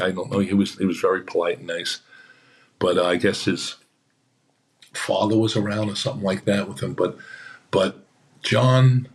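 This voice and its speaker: A man, an actor on a podcast, telling rambling anecdotes in a chatty way and acting out what others said. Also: fairly low pitch. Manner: chatty, acts out quoted voices. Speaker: actor guest.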